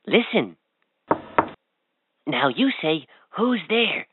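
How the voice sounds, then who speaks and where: A woman's voice: on the low side, sing-song, extremely slow, background noise, full character voice. A woman voicing a cheerful talking toy that tells knock-knock jokes and coaxes a child to answer. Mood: coaxing. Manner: coaxing, prompting the child to answer. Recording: tinny lo-fi toy speaker.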